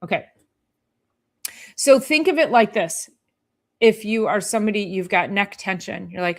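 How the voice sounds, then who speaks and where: A woman's voice: mid-range voice, moderate pace, long pauses. A woman chiropractor hosting a live health talk, chatting casually and acting out her patients with playful sing-song sounds.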